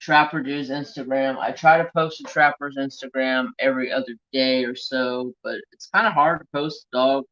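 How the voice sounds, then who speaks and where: A man's voice: medium pitch, steady tone, normal speed, few pauses, pushed and bright. Rambling man with a lo-fi drawl. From California. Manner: rambling, self-talking, joking, loose Southern-tinged drawl. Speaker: craft channel host. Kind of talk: casual live-stream chat.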